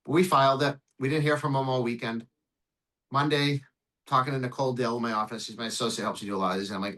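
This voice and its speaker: A man, an immigration lawyer, recounts a case in a podcast interview. He talks at a rapid clip in a bright, forceful voice. He is animated and blunt, swears freely and plays out the back-and-forth himself. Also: mid-range voice, low-quality recording. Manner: animated, profane, acts out dialogue.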